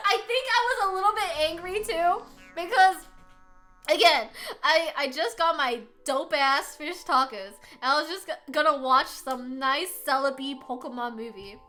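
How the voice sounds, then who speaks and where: A young adult woman streamer telling a story to her chat in a casual, animated way, laughing often and swearing freely. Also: high-pitched, normal speed. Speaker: livestreamer.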